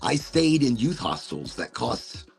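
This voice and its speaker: A man's voice: mid-range voice, big pitch swings, unhurried, vocal fry, soft background music. A male host running a casual livestream chat show, rambling playfully and swearing freely.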